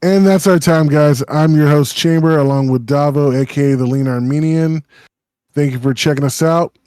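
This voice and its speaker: A man's voice: a little high, normal speed, mellow, clear, resonant tone, no room sound. A young adult man hosting a podcast, bantering casually with lots of swearing and laughter. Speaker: podcast host. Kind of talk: casual chat.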